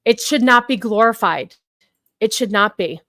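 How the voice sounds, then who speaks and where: Woman host reacting to chat on a stream, slightly high, dry close recording. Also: normal speed, pushed and bright, no room sound. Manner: talks back to chat, many fillers and repeats. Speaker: livestream host. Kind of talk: casual livestream commentary.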